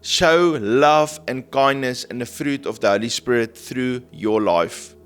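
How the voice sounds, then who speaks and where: A man preaching a prophetic sermon in a gentle, earnest manner, often checking in with "okay?" and "right?". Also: medium pitch, measured pace, clear, resonant tone, faint music behind. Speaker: prophetic minister. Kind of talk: sermon teaching.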